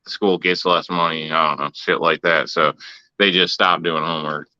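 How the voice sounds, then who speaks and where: A man's voice: very deep voice, flat delivery, moderate pace, sharp tone, dry recording, lo-fi sound. A man co-hosting a casual podcast chat, ranting bluntly and swearing often. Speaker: podcast co-host.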